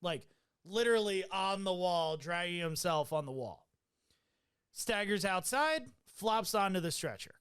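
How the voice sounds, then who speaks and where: A man's voice: high-pitched, expressive, measured pace, fairly bright tone, clean tone. A man telling a profane call story. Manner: loose, profane storytelling with many fillers. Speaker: podcast host. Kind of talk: casual chat, recounting a call.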